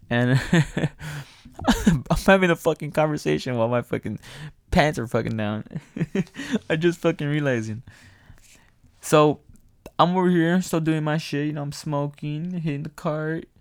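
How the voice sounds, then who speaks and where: A man's voice: mid-range voice, smooth, dry recording. Young guy cursing thru a wild story, laughing a lot, dry close sound. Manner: profane, laughing, animated storytelling. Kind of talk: casual storytime.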